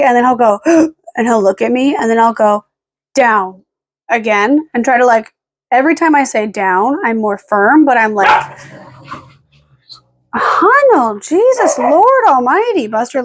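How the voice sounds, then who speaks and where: A tired young-sounding woman rambles through a late-night home vlog with a slightly high voice, swearing freely and barking short, firm commands at her dogs. The sound is dry and close, with dogs in the room around her. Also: normal speed, no echo. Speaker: vlogger. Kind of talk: casual vlog talk.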